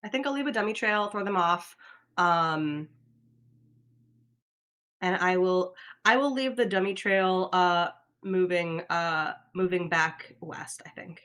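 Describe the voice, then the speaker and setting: A woman's voice: lowish voice, takes it slowly, a bit bright, smooth. A woman playing an elf in a tabletop game, describing her moves casually with lots of hesitation. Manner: chatty, hesitant with fillers. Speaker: player. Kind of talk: casual tabletop role-play.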